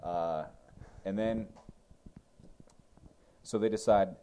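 A man's voice: fairly low pitch, extremely slow, very noisy. A man casually recapping a movie plot for a co-host, rambling and joking with mocking asides.

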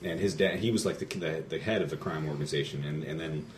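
A man hosting a podcast, talking in casual chat with halting, rambling storytelling and many restarts. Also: very deep voice, reverberant, far from the mic, slight background noise. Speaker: podcast host.

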